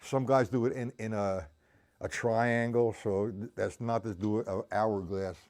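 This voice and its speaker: A man's voice: lowish voice, fairly even intonation, unhurried, a little mellow. A man giving a live-streamed drum lesson, counting beats aloud and greeting his viewers between examples. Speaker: drum teacher. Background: drums played while talking.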